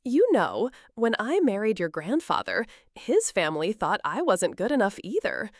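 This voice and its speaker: A loving older grandmother talks gently but plainly, read by a woman narrator. Her voice moves up and down with lively expression. The sound is dry and close. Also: medium pitch, moderate pace, no echo. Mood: tender. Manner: gentle, reassuring, plain-spoken.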